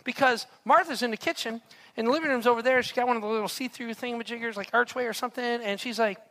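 Animated man preaching a sermon. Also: very high voice, fast talker. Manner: animated storytelling with rhetorical asides. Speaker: pastor.

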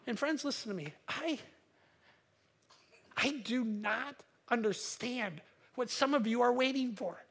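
A man preaching a sermon as a pastor. He builds up to emphatic, forceful peaks and drops to quiet asides, and he often repeats a word when he restarts a sentence. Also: very high-pitched, measured pace, gravelly, pauses often.

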